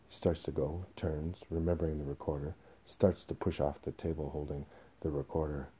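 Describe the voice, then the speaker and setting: A man quietly reading a play's stage directions in a husky, measured voice. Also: a bass voice, fairly even intonation. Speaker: reader of a play.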